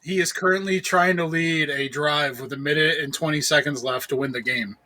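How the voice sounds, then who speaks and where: Bright-voiced man giving sports updates. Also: fairly high pitch, fairly even intonation, moderate pace. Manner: play-by-play updates on a game. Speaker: podcast co-host. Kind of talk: casual podcast chat.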